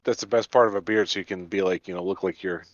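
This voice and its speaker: A man's voice: sits low, steady tone, fast talker, dry recording, muffled recording. A man hosting a late-night stream, joking around and a bit tipsy after a few drinks. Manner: joking, laid-back. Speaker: streamer, host. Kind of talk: casual late-night chat.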